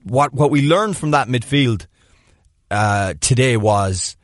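A man's voice: mid-range voice, takes it slowly, dry recording. Dry-voiced man breaking down plays. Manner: animated, breaks down plays in detail. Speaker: podcast co-host. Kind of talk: casual sports analysis chat.

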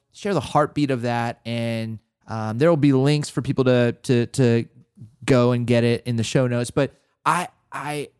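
Podcast host, male, 40s, animated, stumbles and restarts, dry close mic. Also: mid-range voice, no room sound. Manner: animated storyteller, many restarts. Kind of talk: casual conversation.

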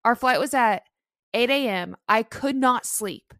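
A woman's voice: on the high side, a little slow, no room sound, studio quality. A young adult woman co-hosting a podcast, telling a story in casual chat with lots of fillers. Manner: chatty, animated storytelling with many fillers. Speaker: podcast co-host.

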